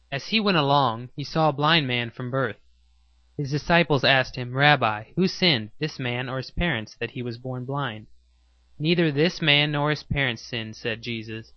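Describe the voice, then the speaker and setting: A man reads scripture aloud at a steady, measured pace, pausing slowly between phrases. His voice sits at an ordinary middle pitch. The recording is dry and a little muffled, with no room sound around him. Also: dry recording. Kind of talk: scripted Bible reading.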